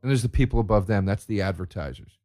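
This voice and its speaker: Male comedian host, sarcastic ranting, profane, animated delivery. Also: lowish voice, quick pace. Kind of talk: solo comedic rant.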